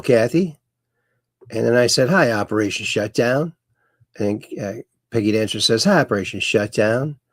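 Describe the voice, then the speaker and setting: A man with a gravelly, creaky, mid-range voice hosts a casual livestream, reading out viewer comments and rambling on in a folksy, repetitive way. The recording is dry and close, with no room echo.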